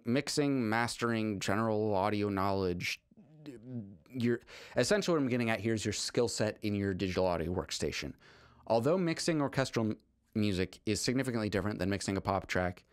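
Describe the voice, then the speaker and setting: A man's voice: on the low side, no room sound, studio quality. A man teaching music composition in a casual, rambling way, enthusiastic and full of restarts. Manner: rambling, with frequent restarts and fillers. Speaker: composer teaching on a video channel. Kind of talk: casual spoken lesson.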